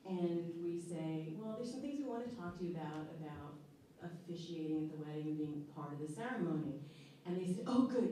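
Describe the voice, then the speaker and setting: A woman's voice: deep voice, dark tone. A woman telling a personal story on stage in a chatty way, laughing often. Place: stage at a live storytelling show. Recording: echoey hall, distant mic, faint noise.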